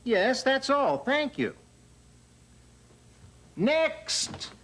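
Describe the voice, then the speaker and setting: A man acting as an interviewer in a scripted language course dialogue, brisk as he calls out words one by one. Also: very high-pitched, big pitch swings, a bit bright.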